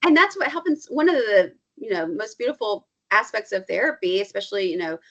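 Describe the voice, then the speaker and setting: A woman counselor talking casually on a podcast, animated and explaining, often leaping up in pitch to act out what she quotes. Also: fairly quick. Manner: animated, acts out quoted feelings with big pitch jumps. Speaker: counselor guest. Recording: slightly dull lo-fi sound.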